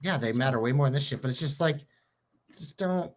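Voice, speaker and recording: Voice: medium pitch, a little fast. A podcast co-host in casual chat, blunt and profane, given to rants.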